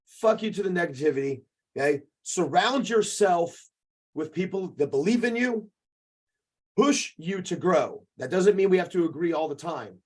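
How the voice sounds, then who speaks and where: A jiu-jitsu coach co-hosting a podcast gives an emphatic, profane motivational talk, repeatedly checking in with "okay." His voice is a little high and a little mellow.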